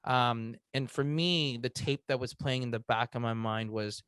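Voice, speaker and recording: A man in his thirties, a podcast guest, earnestly telling an emotional personal story, halting often with "um" and restarts. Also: medium pitch, fairly bright tone, clear, resonant tone, no echo.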